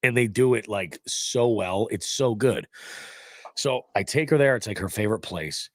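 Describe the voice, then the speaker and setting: Recorded dry and clean in a studio, this middle-aged host speaks at normal speed in a lowish, stuffy, nasal voice. He's congested and chats casually on his podcast, rambling, cursing and joking.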